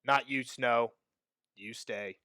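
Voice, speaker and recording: A man doing a booming stern armorer. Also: steady tone, slow, sharp tone, no echo, clean studio sound. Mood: gruff. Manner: stern, commanding. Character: gruff booming middle-aged male armorer. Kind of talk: podcast table read.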